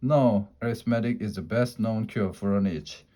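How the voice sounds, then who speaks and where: A man's voice: lowish voice, moderate pace, mellow, natural voice. Strict teacher lady, man doing the voice, firm, stern, storybook. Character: strict kindergarten teacher, woman.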